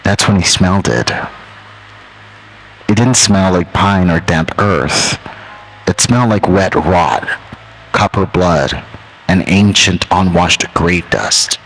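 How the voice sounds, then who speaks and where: A man with a very deep, bright voice telling a scripted horror tale. His delivery is measured and ominous, and he slows down on the key phrases. A faint hiss runs under the recording. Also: low-quality recording. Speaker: horror story narrator.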